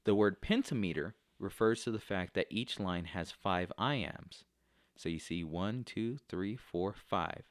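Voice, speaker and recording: A male teacher giving a recorded lecture, explaining step by step and often pausing with fillers. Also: sits low, dry recording, clean studio sound.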